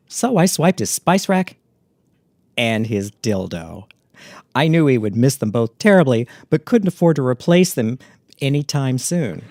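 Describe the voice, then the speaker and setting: Middle-aged man, memoir storytelling, deadpan catty humor, low voice, dry studio sound. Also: dry recording.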